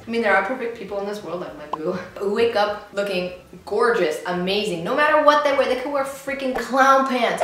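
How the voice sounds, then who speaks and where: A woman's voice: medium pitch, a bit bright. A young woman talks casually to her camera, rambling and playful, often laughing between thoughts. Her voice sits mid-range and bounces around a very echoey room. A faint hiss runs underneath. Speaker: vlogger. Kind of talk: casual vlog reading comments.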